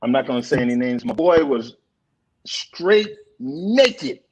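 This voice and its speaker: A man in a casual chat, lively and teasing, often cutting in on others. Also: mid-range voice, measured pace, rough recording.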